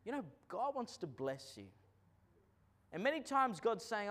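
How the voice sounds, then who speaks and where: A man preaching a sermon as pastor, swinging between loud declarations and quiet asides. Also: sits high, big pitch swings, a little slow, pauses often.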